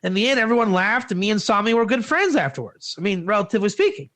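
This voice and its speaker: A man giving an informal religious teaching, conversational and animated, with rhetorical questions. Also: high voice, quick pace. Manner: animated, acts out quoted dialogue. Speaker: teacher of Proverbs.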